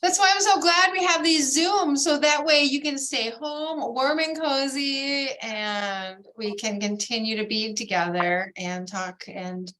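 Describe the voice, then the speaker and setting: A woman's voice: sits high, measured pace, few pauses, sharp tone, a little hiss or hum. Bubbly, gushing woman hosting a video call. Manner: bubbly, gushing, keeps saying "oh my gosh". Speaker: bead society meeting host.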